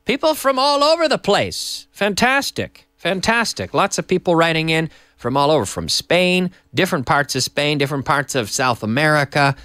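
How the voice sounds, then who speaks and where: A man hosts an English lesson on a live stream, chatting loosely and reading out viewer messages. His pitch sits a little high and swings up and down a lot. The sound is dry and close, with no room around it. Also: big pitch swings, moderate pace, hardly any pauses, sharp tone, dry recording. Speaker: English teacher and host. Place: TV studio.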